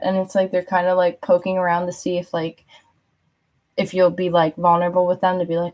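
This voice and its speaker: A woman's voice: on the low side, monotone, a little fast, darkish tone. A young woman giving a casual spoken tarot reading, chatty with many fillers, laughing often and acting out little quotes. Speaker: tarot reader.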